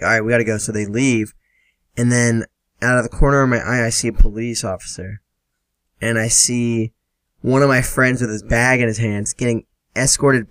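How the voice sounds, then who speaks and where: A young man spins a story solo on his podcast, rambling along with filler words and the odd curse. His voice sits at an ordinary middle pitch. The sound is dry and close, with no room behind it. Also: dry recording. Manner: rambling, frequent "like" fillers, swearing. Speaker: podcast host. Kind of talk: casual storytelling.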